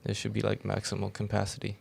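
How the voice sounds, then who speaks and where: A young man who is not a native English speaker, co-hosting a podcast and telling stories in a rambling, halting way. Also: lowish voice, creaky, crowd noise. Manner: relaxed, rambling storyteller with halting restarts. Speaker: podcast co-host. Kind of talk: casual storytelling chat.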